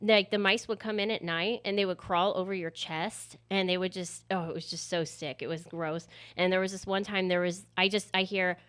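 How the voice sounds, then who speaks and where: A young woman telling her personal story in a casual, animated way, with many fillers. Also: on the low side, normal speed, hardly any pauses, clear, resonant tone.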